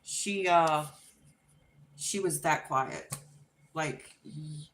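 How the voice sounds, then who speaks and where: A middle-aged woman hosting a livestream, chatting casually and telling an unhurried story with laughs while she crafts. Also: low-pitched, roomy sound, slight background noise. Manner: animated and expressive when acting out quotes. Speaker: livestream host.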